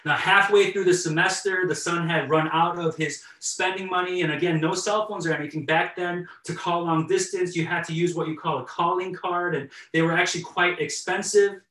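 A male pastor with a fairly high voice tells a story during his sermon in a warm, conversational, chuckling way, frequently restarting. The recording is rough, far from the mic, in an echoey room.

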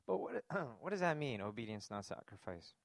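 A man's voice: mid-range voice, very animated, moderate pace, dry recording, studio quality. A man preaching a sermon, earnest and emphatic, posing rhetorical questions to his congregation. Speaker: pastor.

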